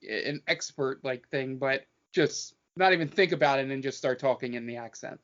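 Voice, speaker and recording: A man's voice: medium pitch, normal speed, fairly bright tone. A man co-hosting a podcast in casual chat, chatty and earnest, laughing along. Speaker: podcast co-host. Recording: dull lo-fi sound.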